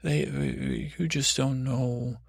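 A man's voice: medium pitch, steady tone, extremely slow, creaky, breathy edge, no room sound, studio quality, full character voice. A man doing a stammering, apologetic advisor. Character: anxious apologetic male royal advisor.

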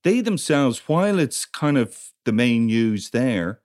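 A man, co-hosting a podcast in casual chat, quick to react and tease his partner. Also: mid-range voice, big pitch swings, darkish tone. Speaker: podcast co-host.

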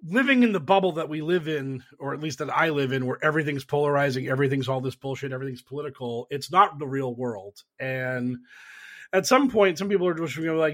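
A man talking politics on a panel, animated and mocking, often putting on sarcastic voices and swearing. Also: fairly high pitch, fast talker. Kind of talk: casual political discussion.

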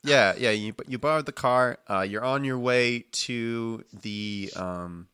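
A man's voice: mid-range voice, takes it slowly, sharp tone, clear, resonant tone, dry recording, clean studio sound. A man running a casual tabletop game as game master, joking, laughing often, and hesitating with fillers.

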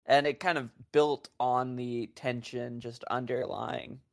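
A man's voice: mid-range voice, fairly even intonation, takes it slowly, gravelly. A man co-hosting a podcast, chiming in with agreeable enthusiasm about a film. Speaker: podcast co-host. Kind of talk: casual film discussion.

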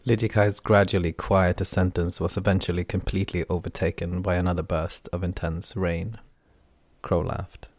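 A man reading a fantasy novel aloud in measured, scripted narration. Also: low-pitched, darkish tone, no echo. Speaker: audiobook narrator.

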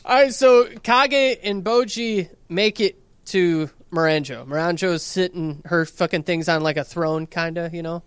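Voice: mid-range voice, a little slow, few pauses, smooth, no echo. A podcast host in casual chat, reading from notes and steering the recap. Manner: reads from notes, steers the talk.

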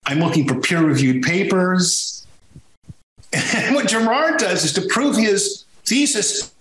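A man's voice: high-pitched, animated, slow, fairly bright tone, echoey room, slight background noise, poor audio. A man from Sicily talking as a podcast guest, telling his story emphatically with frequent restarts. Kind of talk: conversational podcast interview.

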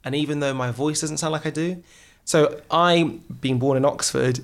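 A man's voice: on the high side, fairly even intonation, normal speed. Earnest male TV presenter telling stories. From England. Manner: earnest, reflective storytelling. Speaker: TV presenter, guest. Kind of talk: conversational interview.

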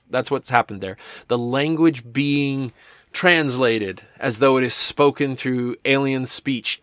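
A man's voice: medium pitch, fairly bright tone, no echo, clean studio sound. Musing man reading comics aloud. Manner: musing, amused, with restarts and chuckles. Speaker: speaker discussing comics. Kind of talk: reflective talk, reading comic captions aloud.

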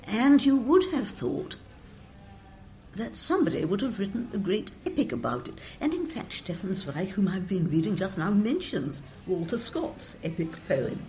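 A woman's voice: mid-range voice, sing-song, normal speed, few pauses, a little mellow. An older woman, a translator, giving wry, discursive interview answers and quoting verse with relish.

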